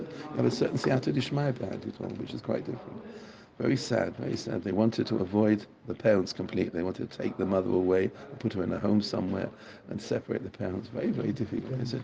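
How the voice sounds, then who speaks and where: A man's voice: mid-range voice, quick pace, vocal fry, hardly any pauses, warm tone. A man teaching a Torah class in a casual, enthusiastic way, repeating phrases for emphasis. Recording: muffled recording with a crowd audible.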